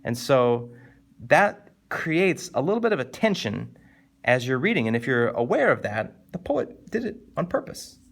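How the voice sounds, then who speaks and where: A man teaching a casual, animated literature lesson, jumping up in pitch to stress points and slowing down to read poem lines. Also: creaky. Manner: animated, conversational, with sudden lifts in pitch for emphasis; reads poem lines slowly and deliberately.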